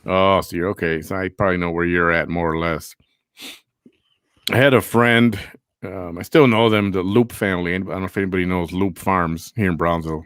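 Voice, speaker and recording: A man's voice: low-pitched, steady tone, a little fast, fairly bright tone, clean tone, dry recording, clean studio sound. A man hosting a casual chat show, rambling and repeating himself. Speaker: host.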